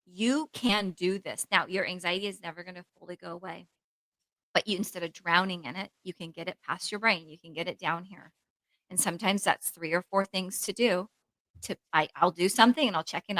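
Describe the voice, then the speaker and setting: A woman therapist co-hosting a casual podcast chat, talking in an animated, rambling way with lots of "like" and acting out her own inner voice. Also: lowish voice, no echo, poor audio. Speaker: therapist co-host.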